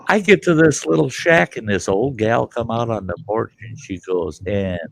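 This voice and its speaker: A man's voice: mid-range voice, animated, moderate pace, gravelly, fairly bright tone. A middle-aged man hosting a livestream, telling rambling, colorful anecdotes in a folksy way and acting out what people said. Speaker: livestream host. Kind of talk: folksy storytelling chat.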